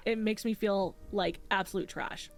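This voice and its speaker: A woman's voice: mid-range voice, steady tone, normal speed, soft background music. A woman streamer, nose stuffy after crying, chatting casually and reading out her chat, candid and swearing freely.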